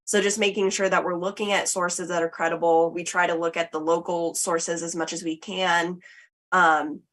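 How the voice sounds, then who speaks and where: Bright-voiced chatty woman. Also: on the low side, little pitch movement, moderate pace. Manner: chatty, laughs between phrases. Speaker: podcast co-host. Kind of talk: casual interview conversation.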